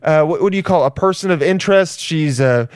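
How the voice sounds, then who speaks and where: A man's voice: fairly high pitch, fairly quick, clear, resonant tone, no room sound, studio quality. Loose, rambling male podcast host. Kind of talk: casual chat.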